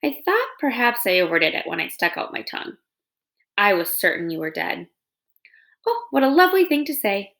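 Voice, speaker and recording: A woman's voice: medium pitch, very animated, normal speed, vocal fry, a bit bright. A woman reading a children's novel aloud, voicing a chatty, theatrical female possum who gushes about acting. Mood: wary. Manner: dramatic, gushing, eager to please.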